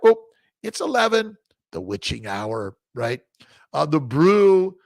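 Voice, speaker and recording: Gravelly, excitable doctor on a live stream. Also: male voice, fairly high pitch, no room sound. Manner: excitable, repetitive, salty language, frequent "right?". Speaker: fertility doctor hosting a live chat. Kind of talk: casual live-stream chat answering viewer questions.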